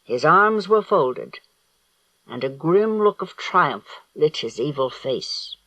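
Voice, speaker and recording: Male audiobook narrator, slow deliberate telling, lively pitch, dry close sound. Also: dry recording, rough recording. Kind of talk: scripted narration.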